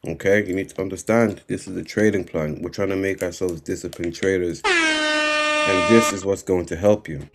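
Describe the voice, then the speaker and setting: A man giving a live-streamed trading lesson, speaking slowly and repeatedly checking in with his viewers. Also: low-pitched, sing-song, heavy background noise. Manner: unhurried, repeating "right?" and "guys" to the chat. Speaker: trading instructor.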